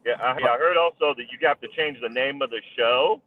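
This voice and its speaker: Casting note: mid-pitched man, dry teasing banter, muffled lo-fi call sound. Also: a little fast. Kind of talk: casual live-stream chat. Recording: dull lo-fi call audio.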